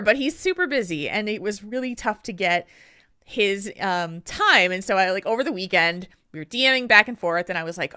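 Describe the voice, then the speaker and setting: Woman podcast host, bright voice, dry close mic, lively self-mocking storyteller. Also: medium pitch, moderate pace, dry recording. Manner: animated, self-deprecating storyteller. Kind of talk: casual podcast chat.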